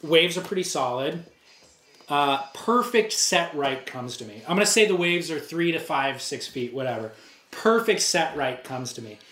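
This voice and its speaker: A podcast co-host telling a lively story in a casual, laid-back way, with surfer slang. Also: male voice, a little high, moderate pace, roomy sound.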